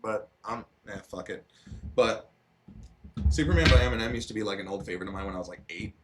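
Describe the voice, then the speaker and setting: A man's voice: fairly low pitch, quick pace, heavy background noise. A young man co-hosting a live stream, chatting loosely and swearing, with lots of laughter. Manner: loose, profane, laughing storyteller. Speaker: stream co-host. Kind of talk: casual stream chat.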